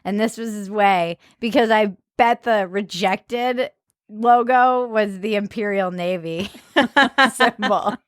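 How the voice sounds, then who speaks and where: A woman's voice: medium pitch, takes it slowly, no echo, studio quality. A woman in her thirties hosting a comedic chat, sarcastic and laughing often. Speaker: host.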